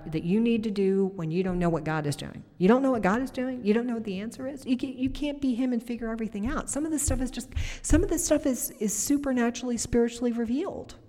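A woman's voice: on the high side, mellow, in a large hall. A middle-aged woman preaching and praying over viewers on a livestream, talking conversationally and reading comments aloud. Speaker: prayer minister on a livestream.

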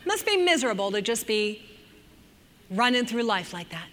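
A woman teaching a sermon to a group of women, animated and dramatic, acting out anxious and angry voices. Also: a little high, moderate pace, long reverb tail, slight background noise.

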